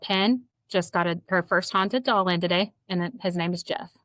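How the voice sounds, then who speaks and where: A woman guest chats with a fairly low voice, gushing and affectionate, often trailing off softly. Her voice sits close and dry, with no room echo. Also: normal speed. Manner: warm, effusive, gushing about friends. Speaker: guest, paranormal investigator. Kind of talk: casual conversational interview.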